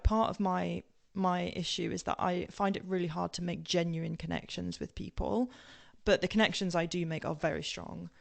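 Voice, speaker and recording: Gravelly-voiced young English woman, rambling. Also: lowish voice. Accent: southern English, now posh-sounding. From England. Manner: rambling with many ums and tangents, laughing. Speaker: podcast guest. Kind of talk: casual personal storytelling.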